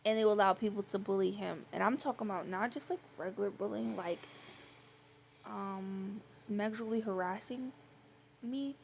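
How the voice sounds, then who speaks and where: Quiet, gravelly young woman vlogging. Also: mid-range voice, normal speed, slight background noise. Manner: rambling, filler-heavy with frequent "like"; quiet, soft-spoken. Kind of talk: casual storytelling chat.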